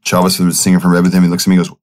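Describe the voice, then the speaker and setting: A man's voice: sits low, completely flat delivery, very fast, a little mellow. A young man hosting a podcast, telling a personal story in a loose, rambling way with many fillers and self-corrections. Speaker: podcast host. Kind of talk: casual storytelling monologue.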